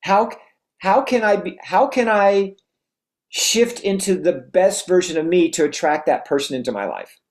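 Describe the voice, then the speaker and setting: An energetic motivational coach speaks to an audience that is writing notes. The talk runs on strings of rhetorical questions, and phrases often break off and start again. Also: mid-range voice, unhurried.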